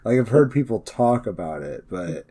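A man's voice: on the low side, big pitch swings, normal speed, warm tone, husky. A man co-hosting a casual podcast, telling loose, rambling stories with many fillers. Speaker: podcast co-host. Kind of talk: casual chat.

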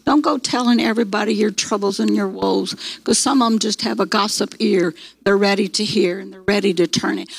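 A woman's voice: medium pitch, fairly even intonation, brisk, creaky, few pauses, rough recording. A middle-aged woman, teaching a church prayer class in a folksy storytelling way, full of fillers and restarts.

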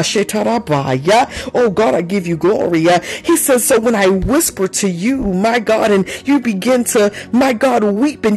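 A fervent prophetic minister preaching spontaneously, crying out "oh God" again and again, breaking into tongues, and lifting the voice when quoting the Lord. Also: medium pitch. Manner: fervent, repeating exclamations and speaking in tongues.

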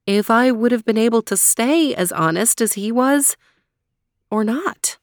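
Storyteller: measured woman narrator, unhurried, dry close mic. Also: on the high side, no room sound. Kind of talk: storybook read-aloud.

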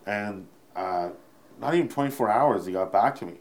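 A man from Canada with a somewhat low voice, telling a long story from his comedy career in a relaxed interview. He rambles and swears freely, and keeps circling back to correct his own dates and details. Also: normal speed, a little hiss or hum. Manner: rambling, profane, often corrects himself mid-sentence. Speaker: stand-up comedian.

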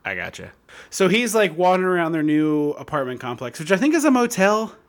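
A man's voice: fairly high pitch, sing-song, fairly quick. A man co-hosting a casual movie-review podcast, riffing sarcastically and laughing often. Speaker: podcast co-host.

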